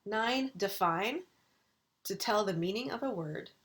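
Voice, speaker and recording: A woman university English lecturer recording a video lesson, enunciating vocabulary words slowly and deliberately. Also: medium pitch, animated, fairly bright tone.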